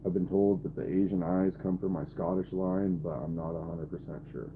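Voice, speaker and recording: Deep-voiced man, blunt and swearing. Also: little pitch movement, a little fast, background noise. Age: 20s. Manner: blunt and irritated, swearing often. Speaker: livestreamer. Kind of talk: casual live stream chat. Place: camper. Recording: tinny phone-like audio, faint ambience.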